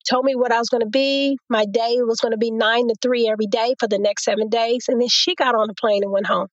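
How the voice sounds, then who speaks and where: A woman's voice: on the high side, quick pace, no room sound, highs cut off. A woman guest in an interview, telling a personal testimony and acting out what others said to her. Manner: storytelling, quotes others in a lively retelling.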